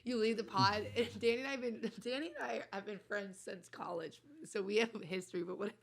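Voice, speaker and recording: A woman's voice: medium pitch, fairly even intonation, a little fast, creaky. A young woman co-hosting a comedy podcast, teasing her co-host and laughing often. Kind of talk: casual comedy podcast chat.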